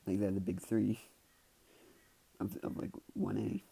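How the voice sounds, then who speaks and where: A man's voice: lowish voice, flat delivery, a little slow, creaky, dark tone, slightly rough. A man casually retelling a fan story in a rambling way, filling it with "like" and restarts.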